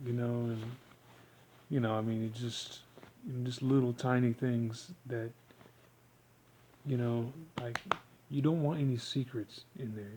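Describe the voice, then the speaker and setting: A man giving a rambling, halting monologue, full of fillers as he explains a technique. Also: medium pitch, warm tone, a little hiss or hum, poor audio. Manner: halting, filler-heavy, meandering.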